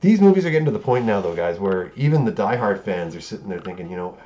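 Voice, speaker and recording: A man's voice: fairly low pitch, big pitch swings, fast, few pauses, mellow, lo-fi sound. A man giving a rambling, profane, casual film review, acting out the characters' lines as he goes.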